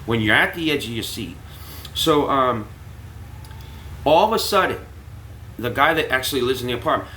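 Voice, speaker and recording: A man's voice: medium pitch, normal speed, pauses often, slight background noise, poor audio. A man telling a story casually to his viewers, cursing freely and acting out what people said. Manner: animated, profane, acts out quotes. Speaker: vlogger.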